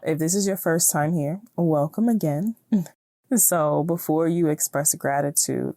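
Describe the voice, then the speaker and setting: Low-voiced woman hosting a chatty podcast. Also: dark tone, no echo, studio quality. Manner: chatty, encouraging, laughs often. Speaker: podcast host. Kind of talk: casual solo podcast talk.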